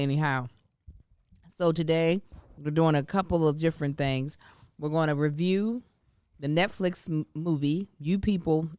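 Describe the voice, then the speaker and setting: A woman hosting a podcast in casual chat, lively and teasing, often laughing. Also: fairly low pitch, clear, resonant tone, dry recording, studio quality. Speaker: podcast host.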